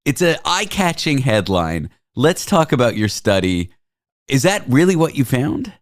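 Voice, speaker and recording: A man's voice: mid-range voice, sing-song, unhurried, dry recording, clean studio sound. A man hosting a talk show, joking and teasing his guests in a casual interview.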